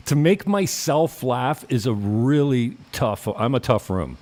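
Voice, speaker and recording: A man's voice: mid-range voice, sing-song, a little slow, a little mellow. A man hosting a casual podcast chat, loose and joking, with some cheerful swearing. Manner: loose, joking, profane banter. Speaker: podcast host.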